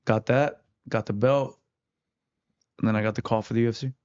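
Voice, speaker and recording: A man's voice: mid-range voice, steady tone, a little fast, darkish tone. Man, fighter guest, casual rambling storytelling, slightly muffled audio. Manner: rambling, lots of "like" fillers.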